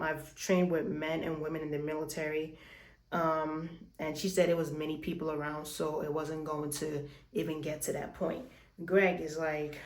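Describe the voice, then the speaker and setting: Lively woman recapping, echoey room. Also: on the low side. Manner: animated, swears freely, retells scenes with dialogue. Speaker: recap host. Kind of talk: casual reality-TV recap.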